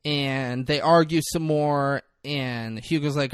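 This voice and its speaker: Animated man recapping a movie. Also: mid-range voice, unhurried, hardly any pauses, clean tone, no echo, clean studio sound. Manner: animated, swears, acts out movie lines in big voices. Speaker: podcast co-host. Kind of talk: casual movie recap chat.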